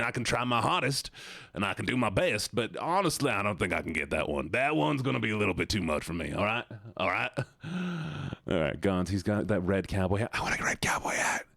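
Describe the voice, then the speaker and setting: A man's voice: fairly low pitch, creaky, fairly bright tone, no room sound, studio quality. A man chatting casually with his live-stream viewers, playful and jokey, slipping in and out of put-on accents and silly voices. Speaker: livestreamer.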